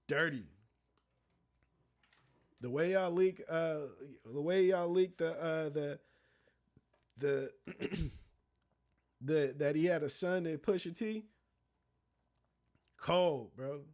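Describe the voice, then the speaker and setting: A man's voice: a little high, takes it slowly, pauses often, darkish tone. A young man streaming casual, profane commentary, rambling in loose slang with many restarts and asides to his chat.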